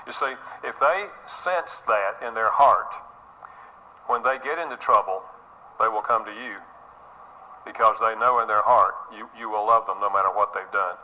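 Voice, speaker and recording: A middle-aged man speaks on parenting in an earnest, sermon-like talk, often repeating words and acting out quotes and little scenes. His fairly low voice is expressive and sharp in tone, at a moderate pace, on a rough recording.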